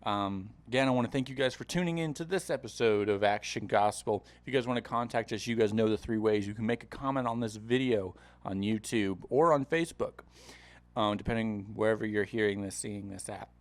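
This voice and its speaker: A man's voice: on the low side, brisk. A man hosting a podcast, retelling a parable in a loose, chatty style with frequent fillers. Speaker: podcast host. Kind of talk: casual Bible teaching.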